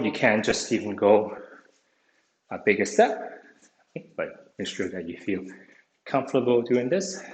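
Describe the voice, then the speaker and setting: Low-voiced man leading an exercise class. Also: darkish tone. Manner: encouraging, says "okay" constantly. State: slightly out of breath. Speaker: exercise instructor. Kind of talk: online fitness class instruction. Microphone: video call. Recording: echoey room, faint noise.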